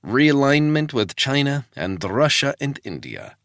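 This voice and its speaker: A man voicing a confident female agent who speaks in a brisk, knowing, slightly teasing way. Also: mid-range voice, very animated, a bit bright, dry recording, clean studio sound, pitched above the performer's own voice.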